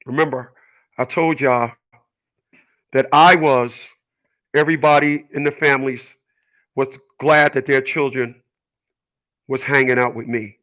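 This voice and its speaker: Bright-voiced man preaching to viewers. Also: medium pitch, fairly even intonation, unhurried, long pauses, poor audio. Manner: earnest, emphatic, preachy. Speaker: channel host. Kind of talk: personal monologue to viewers.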